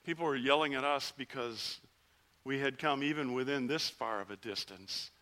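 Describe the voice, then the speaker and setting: A man's voice: mid-range voice, normal speed, lightly acted. A man voicing a leper who was one of ten, telling his story in a first-person dramatic sermon as a vivid storyteller. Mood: earnest. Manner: vivid storyteller, shouts the plea, then hushes.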